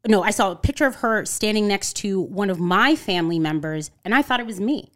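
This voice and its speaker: Animated woman telling a personal story. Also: mid-range voice, fairly quick. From Connecticut, USA. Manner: animated storyteller, acts out quotes, frequent "you know" and "like". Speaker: podcast guest. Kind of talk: storytelling in a casual interview.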